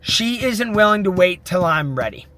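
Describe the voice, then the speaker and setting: A man's voice: high-pitched, lively intonation, normal speed, pushed and bright. A young man in his twenties, a mindset coach, giving an intense, profane motivational monologue full of self pep talk.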